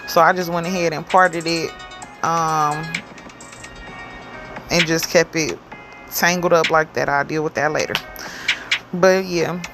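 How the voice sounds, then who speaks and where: A woman walks through a wig tutorial in an unhurried, chatty voice, pitched a little low. She drifts through her steps with plenty of fillers, and soft music plays faintly behind her. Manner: slow, relaxed, chatty explaining with fillers. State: cold and yawning. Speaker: hair stylist demonstrating a wig. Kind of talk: casual tutorial talk.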